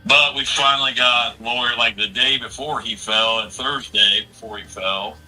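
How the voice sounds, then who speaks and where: A man's voice: medium pitch, fairly even intonation, moderate pace, pushed and bright, distant mic, soft background music, rough recording. A man in his forties in casual chat, talking bluntly and with a lot of swearing as he rambles through a family story. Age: 40s. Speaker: streamer.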